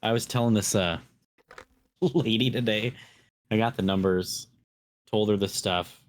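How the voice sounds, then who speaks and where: Man, deep voice, podcast co-host, casual chat, blunt and exasperated. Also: unhurried.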